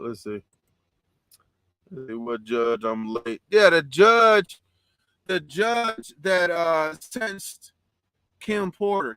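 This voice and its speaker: A man's voice: medium pitch, a bit bright, clear, resonant tone, dry recording. A man hosting a livestream, ranting profanely and heatedly, repeating himself. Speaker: livestream host reading chat. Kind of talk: casual livestream rant.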